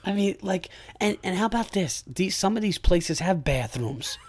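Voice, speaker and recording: A man's voice: high-pitched, lively intonation, normal speed, darkish tone. A man hosting a casual comedic podcast chat, ranting in heated, profane bursts and breaking into laughter. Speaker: podcast host.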